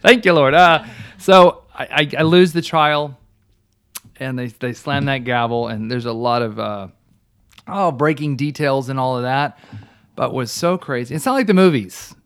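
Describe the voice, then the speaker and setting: Animated man telling a testimony. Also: medium pitch, moderate pace, smooth. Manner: animated storyteller with frequent restarts and laughs. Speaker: guest telling his testimony. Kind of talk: casual testimony in a talk show.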